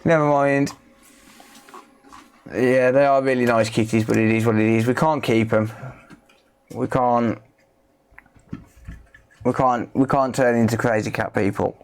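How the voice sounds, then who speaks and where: A man's voice: mid-range voice, steady tone, measured pace, long pauses, clear, resonant tone. A man with a British accent chatting casually on a repair livestream, coaxing and playful. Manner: chatty, coaxing, talks to pets with playful asides. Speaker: repair streamer.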